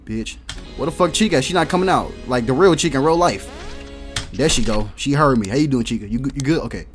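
A young man doing loud, slangy, excitable let's-play commentary, swearing and shouting at game characters. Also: mid-range voice, brisk, faint music behind. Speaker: gaming YouTuber.

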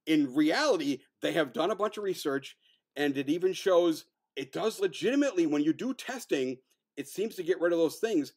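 A man co-hosting a casual film review podcast, talking with animated, profane energy. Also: fairly high pitch, moderate pace. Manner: profane, animated, mocking impressions. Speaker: podcast co-host.

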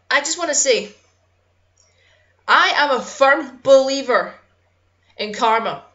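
A young woman with a high voice talks straight to camera in a heated personal rant. She swears freely and speaks with raw conviction. The sound is dull and lo-fi, like basic webcam audio. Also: sharp tone. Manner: impassioned, swearing, apologizing for getting angry. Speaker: YouTuber.

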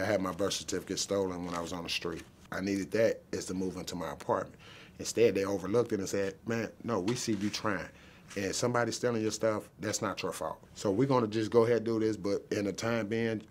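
A man's voice: low-pitched, a little hiss or hum. A man telling his own story in a testimonial interview, plain-spoken and earnest, asking himself rhetorical questions. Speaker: program client.

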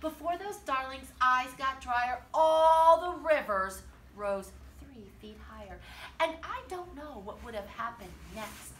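An older woman reading a picture book aloud to children in an expressive, sing-song way, stopping to ask them questions. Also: high voice, measured pace. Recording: roomy, from a distance, faint noise.

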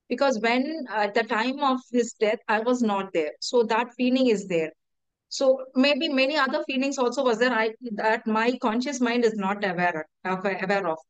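A woman's voice: on the high side, no echo, low-quality recording. A middle-aged woman, giving an earnest, hesitant personal testimonial and often repeating her words. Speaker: testimonial speaker.

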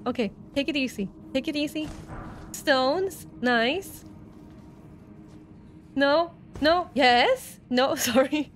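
This woman's voice sits high, and she takes it slowly, with a little hiss or hum in the recording. Streaming a game live, she swings excitably from nervous chatter to startled yelps.

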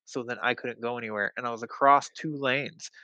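A man telling a story as a podcast guest, swearing freely and throwing himself into the heated lines he quotes. His pitch sits mid-range for a man. The recording is close and dry, with no room sound. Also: brisk, no room sound, poor audio. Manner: animated, profane, acts out heated quotes. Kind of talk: casual storytelling.

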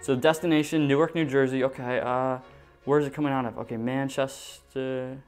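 A young man telling a storytime vlog in an animated, dramatic way. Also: medium pitch, moderate pace, clean tone, soft background music. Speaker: vlogger.

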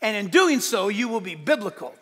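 A man as pastor delivering a sermon, animated and emphatic, swinging between shouts and soft asides. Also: high-pitched, a little fast, breathy edge. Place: church sanctuary. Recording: large hall with long reverb.

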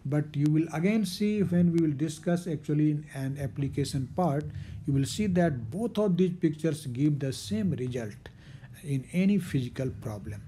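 A man giving a recorded physics lecture, repeating key terms slowly with fillers. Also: on the high side, dark tone, slight background noise.

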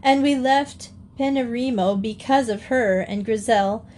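Woman reading as a plucky young woman, shaky but calm and firm, storybook heroine. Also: on the high side, unhurried, a little hiss or hum, natural voice. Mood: shaken. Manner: weak, composed, gently firm.

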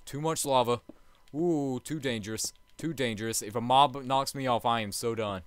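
A man hosting a let's play, chatty and jokey, swinging from hushed murmurs to loud excited outbursts. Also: medium pitch, moderate pace, clear, resonant tone, no echo. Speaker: gaming channel host.

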